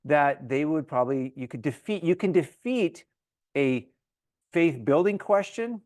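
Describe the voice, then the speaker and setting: A man's voice: on the high side, animated, measured pace, a little mellow, dry recording. A man leading a Bible study in an easy, talky style. He slips into the voices of the people he quotes. The recording is dry and close, with little room sound. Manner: informal, acts out crowd voices in quotes. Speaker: Bible teacher. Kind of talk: conversational Bible study teaching.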